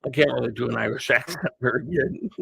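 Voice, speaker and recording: A man's voice: medium pitch, gravelly, a bit bright, breathy edge. A man hosting a casual livestream, chatting with viewers by name and calling a mock race. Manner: chatty, greets viewers by name, thinks aloud. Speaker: livestream host.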